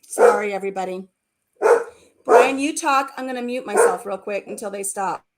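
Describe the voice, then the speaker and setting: A woman's voice: medium pitch, moderate pace. A woman hosting a casual live stream chat from home over a video call, chatting and readily agreeing with her guest. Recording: loud background noise, barking dogs. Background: dogs barking.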